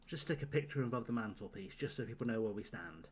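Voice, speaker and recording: A man's voice: fairly low pitch, expressive, fast, a little hiss or hum. Sardonic, swearing male streamer. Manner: sardonic, profane joking to chat. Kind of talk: live game-stream commentary.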